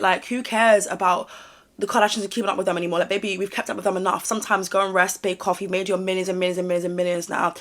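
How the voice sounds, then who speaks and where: Quick-talking sassy woman, bit hoarse, chatting straight to camera like babe listen. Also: mid-range voice, fairly bright tone. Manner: sassy, direct, calls viewer babe. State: voice going hoarse. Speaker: commentary vlogger. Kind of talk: casual opinion chat to camera.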